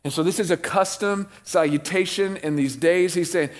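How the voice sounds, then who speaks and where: Conversational preaching man, high-ish voice. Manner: conversational preaching, slows and drops low reading scripture. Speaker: pastor. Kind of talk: sermon.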